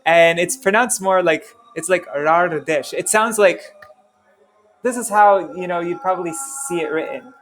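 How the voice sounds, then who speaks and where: A man teaching an informal class in a voice pitched a touch high, talking in a loose, chatty way. He interrupts himself often and says sounds again and again so students can copy them, with a faint hiss of noise behind him. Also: moderate pace, a bit bright. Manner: chatty, self-interrupting, repeats sounds to demonstrate. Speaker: language teacher. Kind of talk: casual online class.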